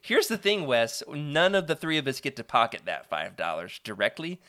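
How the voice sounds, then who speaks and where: An upbeat man hosts a live stream, talking to his chat and reading aloud between laughs. His voice is bright and clear, with a lot of swing in the pitch. He sits at a middling pitch. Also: big pitch swings, normal speed. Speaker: host.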